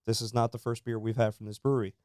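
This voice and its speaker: A man co-hosting a casual beer-tasting podcast, relaxed and chatty, with plenty of ums and uhs. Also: on the low side, quick pace, no room sound, clean studio sound. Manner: relaxed, chatty, says um and uh often. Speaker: podcast co-host.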